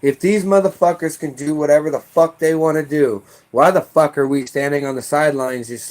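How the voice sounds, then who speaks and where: A middle-aged American man with a noticeably high-pitched voice rants furiously. He swears constantly and breaks into shouted bursts. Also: fairly even intonation, fairly quick, few pauses. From United States. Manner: heated, profane, shouting bursts. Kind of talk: angry political rant.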